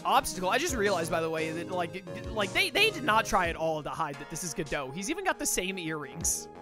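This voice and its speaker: Excitable woman doing game commentary. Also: a little fast, music in the background. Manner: excitable, gets loud and squeaky when outraged. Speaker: streamer. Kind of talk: let's-play commentary.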